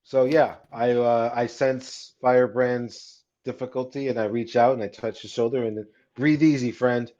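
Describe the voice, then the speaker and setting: A man's voice: medium pitch, flat delivery, normal speed, hardly any pauses, dark tone. A man at a tabletop game grumbles his way through the session with wry asides. His voice comes through muffled and lo-fi. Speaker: player. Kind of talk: casual tabletop game chat. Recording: dull, lo-fi mic.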